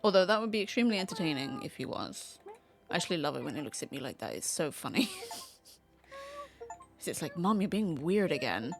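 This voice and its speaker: A woman's voice: on the low side, wildly swooping pitch, a little fast, vocal fry, long pauses, faint music behind. A woman streaming a casual game from home, chatting playfully and talking to the cats on screen. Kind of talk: casual gameplay commentary.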